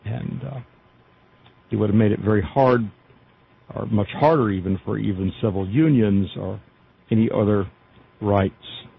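Husky man, lo-fi news commentary. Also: fairly low pitch, steady tone, a little slow, pauses often. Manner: reads articles aloud with frequent fillers and asides. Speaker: podcast news host. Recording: dull lo-fi audio.

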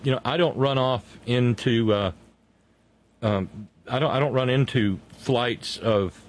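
A middle-aged man hosting a talk show, speaking earnestly and haltingly with frequent restarts as he thanks his guest and listeners. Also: medium pitch. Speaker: radio show host. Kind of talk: casual on-air chat and sign-off.

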